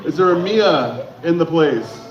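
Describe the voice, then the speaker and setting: A man's voice: fairly high pitch, expressive, unhurried, dull audio, music in the background. A man hosting a comedy show, hyping the crowd and introducing the next comic from the stage. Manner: hyping the crowd, loose and chatty. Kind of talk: emcee crowd work. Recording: echoey club with loud crowd.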